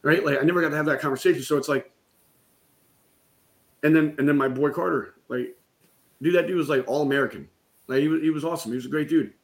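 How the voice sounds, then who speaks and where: A man's voice: fairly high pitch, quick pace, pauses often. A middle-aged man in a conversation, telling an emotional personal story in a candid way and often checking in with "right?". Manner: candid, keeps saying "right?". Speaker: guest, business coach.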